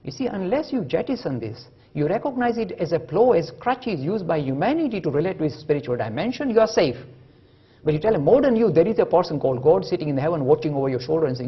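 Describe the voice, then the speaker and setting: A man giving an animated public lecture, telling stories and acting out the voices of the people in them. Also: fairly high pitch, fast, husky, lo-fi sound. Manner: lively storytelling, acting out quoted voices. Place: lecture hall.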